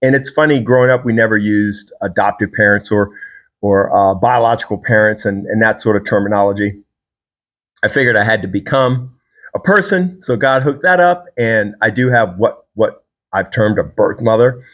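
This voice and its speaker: A man's voice: fairly low pitch, normal speed, fairly bright tone, lo-fi sound. Enthusiastic man telling rambling stories. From Virginia, US. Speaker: fitness trainer and podcast host. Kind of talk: casual solo monologue.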